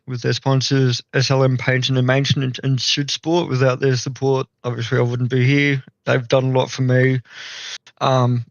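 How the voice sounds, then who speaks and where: Young man, racing driver, modest and thankful, rambling, gravelly voice, dull lo-fi audio. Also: medium pitch, no room sound. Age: young adult. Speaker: champion driver. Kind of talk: casual post-race interview.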